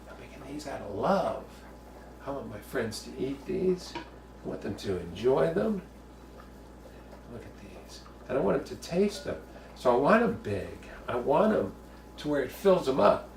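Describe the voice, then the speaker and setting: A man's voice: a little high, creaky, echoey room, distant mic, a little hiss or hum. A man from the Bronx, hosting a casual home cooking show, chatty and jokey with bawdy asides. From the Bronx, New York.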